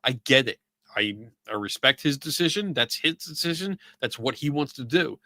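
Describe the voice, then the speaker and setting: A man's voice: mid-range voice, lively intonation, normal speed, sharp tone, no echo, clean studio sound. A middle-aged man with a Philadelphia accent, hosting a casual livestream chat in a loose, rambling way full of fillers and restarts. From Philadelphia area. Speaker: podcast host.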